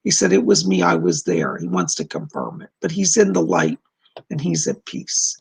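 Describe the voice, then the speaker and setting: A man doing live psychic readings on a stream, reading viewer questions aloud and gently relaying reassuring messages. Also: deep voice, huge pitch swings, moderate pace, creaky, breathy edge. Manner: gentle, reassuring, calls people darling.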